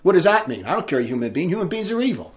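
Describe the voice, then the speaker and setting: Man, high voice, lively swooping pitch, indignant, emphatic monologue. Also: racing. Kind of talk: ranting monologue commentary.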